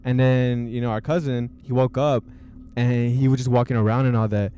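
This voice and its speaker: A man's voice: mid-range voice, steady tone, moderate pace, warm tone, a little hiss or hum. A young man hosting a podcast, telling a story in loose, filler-heavy casual chat and laughing often. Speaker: podcast host.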